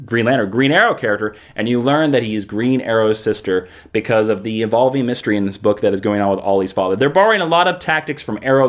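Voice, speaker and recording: A man giving casual, rambling video reviews of comic books, with an animated and jokey manner. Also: medium pitch.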